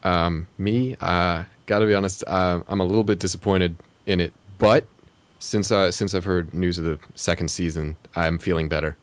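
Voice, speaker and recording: A man's voice: sits low, steady tone, normal speed, dry recording. A man guesting on a casual podcast chat who drops short, joking quips.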